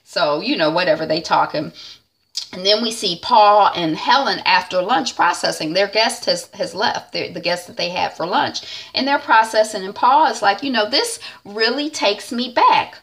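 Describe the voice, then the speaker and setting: A woman's voice: mid-range voice, normal speed, a bit bright. A middle-aged woman chatting casually through a TV episode recap, full of fillers like um and you know. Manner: chatty, acts out scenes with many fillers. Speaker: TV recap vlogger.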